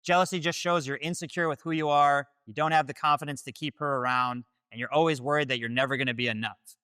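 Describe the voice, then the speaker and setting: A man's voice: a little high, fairly even intonation, quick pace, pushed and bright, smooth, no room sound, studio quality. A man hosting, delivering scripted dating-advice commentary in a direct, declarative way. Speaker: host.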